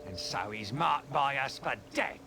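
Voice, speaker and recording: An actor playing a gruff middle-aged male sewer thief guard with a British accent and rough folksy speech, in game voice acting. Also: mid-range voice, lively intonation, unhurried, background noise. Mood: gruff warning. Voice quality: rough folksy dialect, calls people lad.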